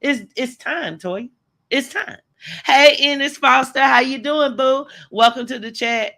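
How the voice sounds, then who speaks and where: A middle-aged woman hosting a casual livestream, greeting viewers by name in animated, slangy talk. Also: high-pitched, a little slow, gravelly. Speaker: livestream host.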